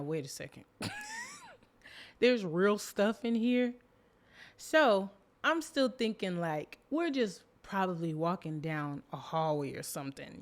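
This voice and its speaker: A young adult woman hosting a podcast, telling a personal story in a casual, animated way, full of fillers and bursts of loud laughter. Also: fairly low pitch. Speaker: podcast host.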